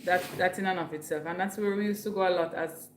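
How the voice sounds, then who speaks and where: A woman's voice: lowish voice, steady tone, fast, echoey room, slight background noise. A woman from Jamaica with a Jamaican accent, hosting a casual livestream at home and chatting with viewers while reading their comments aloud. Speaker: livestream host.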